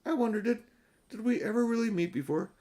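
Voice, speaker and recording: A man's voice: high voice, lively intonation, fast talker, warm tone, voice pushed up. Polly, an old man voicing a dreamy young girl. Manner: dreamy, then urgent and practical. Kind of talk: storybook reading.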